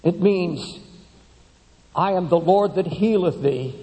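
Preacher guy giving a sermon, high voice, mellow tone, rises to big peaks then goes low n slow, long church echo. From United States. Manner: repeats words when building up. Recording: long hall reverb.

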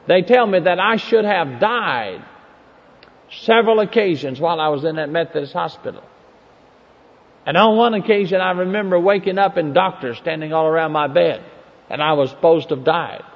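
Man, preacher, sermon, fairly high voice, swelling emphasis, long hall echo. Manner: preaching with swelling emphasis and sudden soft drops. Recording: muffled recording in a large reverberant hall.

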